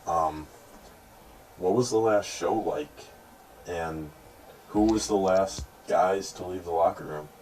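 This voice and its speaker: A man asking interview questions in a measured, hesitant way with frequent ums. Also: deep voice, darkish tone, far from the mic, slight background noise, low-quality recording.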